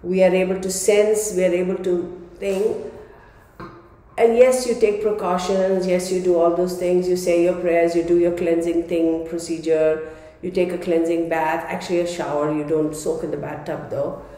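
A woman's voice: on the low side, level tone, normal speed, dark tone. A woman chatting casually to camera as a tarot vlogger, stuffy and congested from a cold, saying "y'all" often. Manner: chatty, says "y'all" often, laughs between lines. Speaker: tarot reader and psychic vlogger. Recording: echoey room with long reverb.

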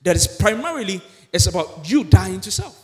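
A pastor preaching a sermon in a church, emphatic with many rhetorical questions. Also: male voice, high-pitched, sing-song, normal speed, a little mellow. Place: church sanctuary. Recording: echoey church hall.

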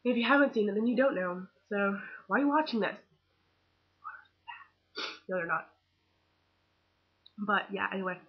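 A teenage girl gushing about a movie in a casual webcam vlog, excitable and full of fangirl chatter. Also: medium pitch, moderate pace, long pauses, slightly rough, muffled recording. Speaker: vlogger.

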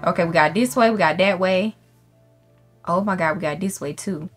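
A woman streamer giving loud, profane, excitable commentary while playing a game, shrieking when something startles her. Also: lowish voice, moderate pace, soft background music. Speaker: gaming streamer. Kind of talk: let's play commentary.

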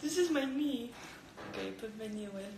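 A young Australian fighter streams live from her kitchen, chatting casually into her phone camera in a rambling, giggly way heavy on "like." Her slightly high voice is expressive and fairly quick with vocal fry, over roomy kitchen echo and background noise.

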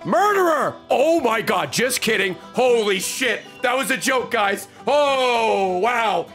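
A man in his thirties giving loud, excitable let's-play commentary, swearing and laughing as he plays. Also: high voice, slow pace, soft background music. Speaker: gaming streamer.

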